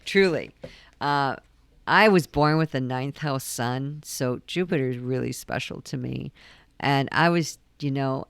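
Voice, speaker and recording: A woman's voice: sits low, smooth, no echo. A woman astrologer talking through a full moon forecast in a casual, earnest way, often repeating her key points between ums.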